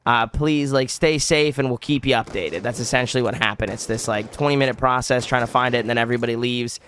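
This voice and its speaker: A young man casually telling a story on his vlog, animated and rambling, with many likes and restarts. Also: mid-range voice, quick pace, slight background noise. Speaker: vlogger.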